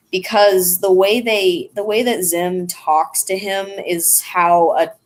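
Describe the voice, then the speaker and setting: A woman's voice: on the low side, rough recording. A young woman vlogger chatting casually and rambling while she draws. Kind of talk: casual chat while drawing.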